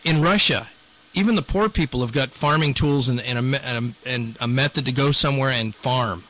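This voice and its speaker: A man's voice: mid-range voice, fairly quick, fairly bright tone, highs cut off. A man hosting a talk show, delivering a blunt, scolding monologue. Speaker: radio show host.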